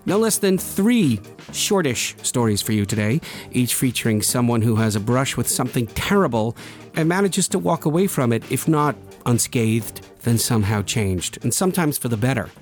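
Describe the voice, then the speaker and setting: A man hosting a radio show, narrating a polished script in a measured way. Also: medium pitch, expressive, faint music behind. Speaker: radio host.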